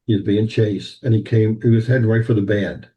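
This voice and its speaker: An older man tells stories as a podcast guest, animated and anecdotal. His voice sits a little low. The recording sounds dull and lo-fi. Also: fairly quick. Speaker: band president, guest. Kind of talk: podcast interview, storytelling.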